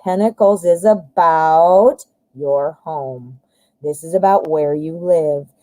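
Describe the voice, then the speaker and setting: A woman's voice: sits low, takes it slowly, mellow, no room sound, poor audio. A woman giving a live-stream tarot reading, chatting directly to viewers with lots of fillers and friendly asides. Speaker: tarot reader.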